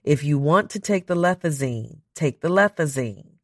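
A reader doing a calm steady male controller. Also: on the high side, normal speed, no echo, studio quality. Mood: pleading calmly.

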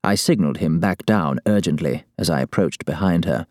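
A man narrating a story in the first person as a letter, with measured, formal, old-fashioned phrasing. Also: low-pitched, darkish tone, no room sound, studio quality.

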